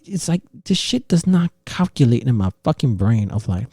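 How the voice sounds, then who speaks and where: A man with a dark, gravelly voice delivers a heated, profane podcast rant. His pitch swings widely as he mocks imagined arguments. The sound is dry and close. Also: sing-song, normal speed, few pauses, no echo. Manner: profane, heated ranting with mocking quoted voices. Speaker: podcast host. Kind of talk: casual opinion rant.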